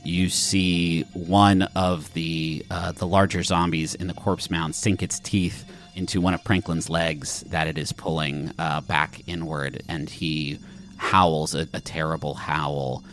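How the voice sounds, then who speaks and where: A man narrating a tabletop game as game master, relaxed and full of fillers. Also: extremely low pitch, measured pace.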